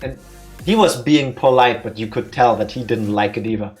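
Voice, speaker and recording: A man of middle pitch tells a story to his stream chat in a loose, conversational way. He gets animated as he acts out the people in it. Soft music plays faintly behind him. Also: moderate pace. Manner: animated anecdote teller, acts out voices. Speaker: let's play streamer.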